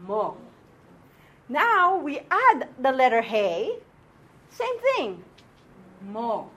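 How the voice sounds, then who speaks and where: Patient teacher, woman, slightly high, slow and repetitive, checks in constantly. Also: wildly swooping pitch, fairly bright tone. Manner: patient, repeats words and checks with "okay?". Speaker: Hebrew teacher. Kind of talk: classroom lesson.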